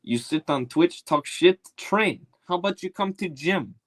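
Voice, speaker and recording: A man's voice: high voice, expressive, measured pace, no echo, pitched above the performer's own voice. A man putting on the voice of a menacing male cage fighter who issues blunt threats in clipped broken English. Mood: taunting.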